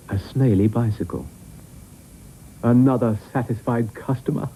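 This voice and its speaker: A man's voice: fairly low pitch, lively intonation, normal speed, warm tone, a little hiss or hum, low-quality recording. A British man narrating a children's cartoon in a wry, amused storybook manner.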